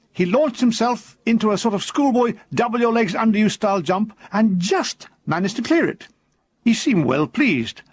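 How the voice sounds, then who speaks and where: Narrating his comic memoir in a notably high voice, a man stays dry and deadpan, briefly adopting put-on voices when quoting characters. The sound is close and dead, with no echo and no room sound around him.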